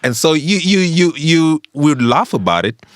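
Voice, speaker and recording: A middle-aged man from Zimbabwe co-hosting a podcast, telling stories in a measured, careful way. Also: a little high, sing-song, no room sound, studio quality. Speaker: podcast co-host. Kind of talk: casual chat.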